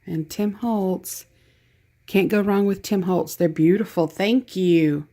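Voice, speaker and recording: A woman's voice: medium pitch, takes it slowly, mellow. A woman with a Southern US accent chatting casually as she opens a craft gift package, gushing and laughing at herself. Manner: gushing, self-deprecating, chatty. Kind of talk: casual unboxing chat.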